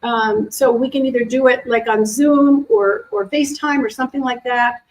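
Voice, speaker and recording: A middle-aged woman, an animal communicator, chatting casually to a live audience and answering questions in a lively, animated way. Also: high voice, moderate pace, poor audio. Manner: chatty, animated, acts out quoted voices. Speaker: animal communicator and intuition teacher.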